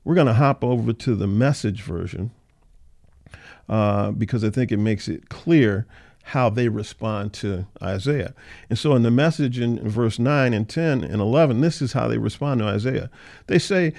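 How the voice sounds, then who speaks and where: A man leading an informal Bible study, reading scripture aloud and then explaining it conversationally, with frequent fillers and animated, mocking paraphrases of the people in the text. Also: mid-range voice, normal speed, vocal fry. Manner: animated, acts out the scoffers' voices in a mocking tone. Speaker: Bible teacher.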